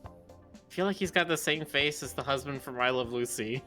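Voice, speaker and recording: Bright-voiced man trading teasing banter. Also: mid-range voice, a little fast, faint music behind. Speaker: co-streamer. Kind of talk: casual stream chat.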